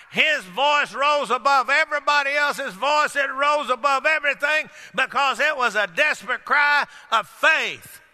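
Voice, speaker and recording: High-pitched, bright-voiced preacher man. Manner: emphatic, rises to shouts, asks the congregation questions. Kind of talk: sermon. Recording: echoey hall with long reverb.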